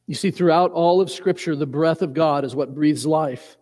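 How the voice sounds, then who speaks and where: Male pastor from Indiana, higher voice, earnest sermon delivery with frequent restarts, recorded in a long-reverb church hall. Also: normal speed, a little mellow. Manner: earnest, repeats words and restarts often, chuckles at himself. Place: church sanctuary.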